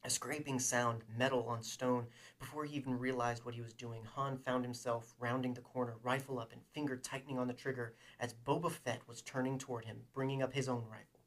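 A man reading a novel aloud in a steady, even storytelling voice. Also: mid-range voice, a little fast, hardly any pauses. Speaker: audiobook narrator.

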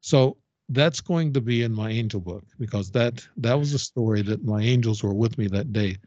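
An older man, a podcast guest and author, telling a personal story in a halting, rambling way with many fillers and restarts. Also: medium pitch, dark tone, no echo. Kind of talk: casual storytelling interview. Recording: dull, dry lo-fi audio.

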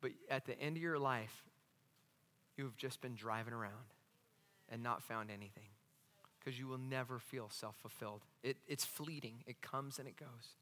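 A man preaching a sermon as pastor, animated and asking the congregation questions. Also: mid-range voice, normal speed, in a large hall. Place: church hall.

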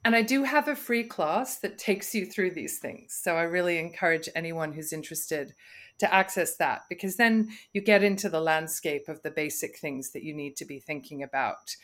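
A woman explains ideas in an instructive podcast interview. She speaks in a measured way, deliberately pausing and taking breaths between phrases. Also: sits low, a bit bright. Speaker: communication coach.

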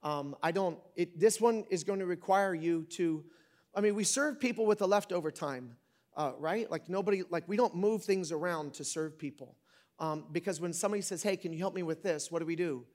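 A middle-aged man preaching a sermon in a conversational, joking way, with sudden loud bursts. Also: high voice, brisk. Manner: conversational and joking, with big dynamic swings. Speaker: pastor.

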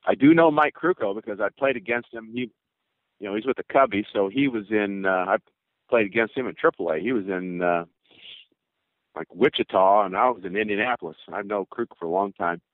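A man's voice: lowish voice, fairly quick, no echo. An older man, a former ballplayer, telling rambling joking stories as a guest over a cell phone. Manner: rambling, joking, laughs through his stories. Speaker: former pro baseball player as guest. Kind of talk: casual storytelling interview. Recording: tinny phone line, dry.

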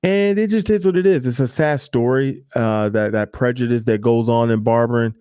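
A man's voice: medium pitch, moderate pace, mellow, clean tone, no room sound, studio quality. A man who works as a barber, giving loose, candid advice straight to the listener with plenty of fillers and asides. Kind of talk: casual advice talk to camera.

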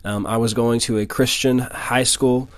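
A man's voice: mid-range voice, steady tone, a little slow, no room sound. A young man from Louisiana delivers a sermon, moving between scripture and his own story. He repeats key lines for emphasis, and his mid-range voice sits close and dry, with no room sound. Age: 20s. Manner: earnest storytelling, emphatic repetition. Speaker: preacher. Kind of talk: sermon with personal testimony.

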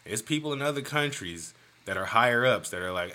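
A man hosting a casual solo podcast, ranting in an animated, profane, joking way. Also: medium pitch, brisk. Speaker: podcast host.

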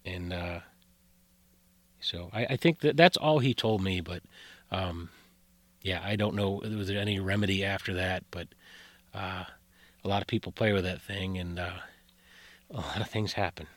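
A man with a lowish voice tells eerie tales in an unhurried, rambling way, stopping and restarting his sentences often. The sound is dry and close, with no room echo. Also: fairly bright tone. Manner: rambling, full of fillers and restarts. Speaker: guest storyteller. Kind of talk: casual spoken storytelling.

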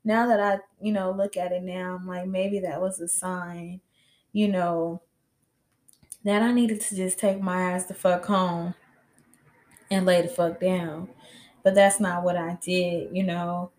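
A woman's voice: lowish voice, level tone, measured pace, a little mellow. A young woman hosting a podcast, telling a personal story in a casual, rambling way, full of "you know" and "like" and with frank swearing. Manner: candid and swears freely. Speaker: podcast host. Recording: roomy echo.

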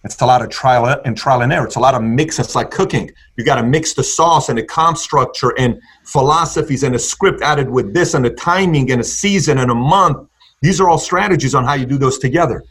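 A man's voice: mid-range voice, fairly quick, a bit bright, slightly rough. A man telling his story in conversation with an intense, punchy motivational delivery. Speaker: guest entrepreneur.

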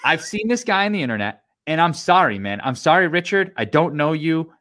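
A man co-hosting a casual podcast, ranting in an animated, profane way. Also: a little high, brisk. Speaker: podcast co-host. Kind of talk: casual chat.

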